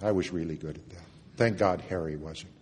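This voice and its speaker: A man sharing a personal recovery story at a meeting, earnest, moving between loud and hushed moments. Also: low voice, brisk, husky. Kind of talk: personal testimony talk. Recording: long reverb of a hall.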